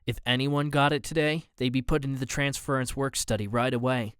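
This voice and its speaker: A smug teenage schoolboy who explains things like he knows best, voiced plainly by a male audiobook narrator. The tone is matter-of-fact. The sound is smooth, resonant and dry. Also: medium pitch, steady tone, fairly quick, fairly bright tone, no room sound, close to an everyday voice. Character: smug teenage boy student.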